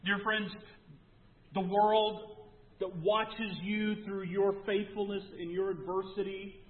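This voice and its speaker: Male pastor, emphatic preaching with swings from loud to hushed, slightly higher voice, tinny phone-like recording with long hall reverb. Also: level tone, takes it slowly, husky. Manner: emphatic preaching, rising to near shouts and dropping to hushed tones. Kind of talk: sermon.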